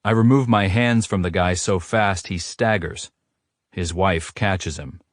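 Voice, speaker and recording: A man narrating a romance audiobook in a steady, first-person storytelling manner. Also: deep voice, a little slow, no room sound, clean studio sound.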